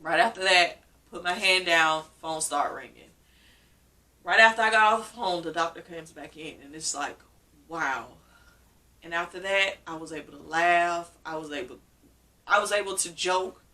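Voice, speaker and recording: A woman's voice: on the low side, normal speed, pushed and bright, distant mic. A woman vlogger telling a personal story in a casual, emotional way, often repeating herself. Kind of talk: casual story-time vlog.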